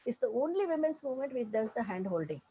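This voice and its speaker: A woman's voice: a little high, very animated, fast talker, warm tone, dull audio, slight background noise. An older woman with an Indian accent, a women's rights activist speaking earnestly and emphatically in a panel talk, often restarting her sentences, over a video call.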